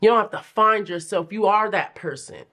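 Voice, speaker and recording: A young adult woman giving a casual pick-a-card tarot reading, chatty and animated, with playful slang and frequent laughs. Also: medium pitch, moderate pace. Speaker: tarot reader.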